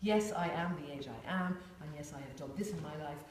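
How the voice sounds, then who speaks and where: A woman's voice: low-pitched, expressive, fairly quick, a little mellow. A woman leads a workshop group in a chatty, informal way, often saying "you know" and acting out little voices. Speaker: workshop facilitator. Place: large echoey room with a group. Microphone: distant room mic. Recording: echoey room, far from mic, faint hiss.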